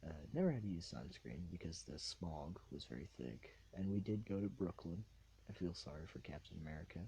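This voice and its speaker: A man's voice: low voice, expressive, brisk, creaky, warm tone, breathy edge, low-quality recording. A man hosting a solo podcast, talking in a rambling, laid-back way full of fillers, recorded on a tablet. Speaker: podcast host.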